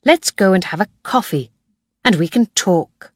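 A woman's voice: mid-range voice, expressive, a little slow, no room sound, clean studio sound. A woman voicing a friendly young aunt who teaches, in a storybook reading. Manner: friendly and eager.

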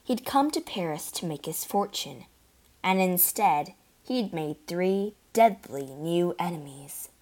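Woman reading a storybook, lowish voice. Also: lively intonation, slow, darkish tone. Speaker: narrator. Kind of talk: storybook narration.

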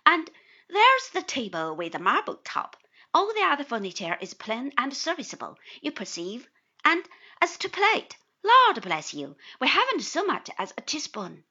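A woman's voice: high-pitched, wildly swooping pitch, moderate pace, sharp tone, lo-fi sound, exaggerated voice. A woman reading an earnest, chatty young husband. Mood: eager. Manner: earnest, chatty, drops to confidential tones. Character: cheerful young man, newly married lawyer.

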